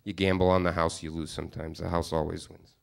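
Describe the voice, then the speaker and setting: A man's voice: low-pitched, level tone, fast talker, creaky. A man in his thirties from upstate New York, telling rambling, profane, self-deprecating stories in a stand-up comedy set.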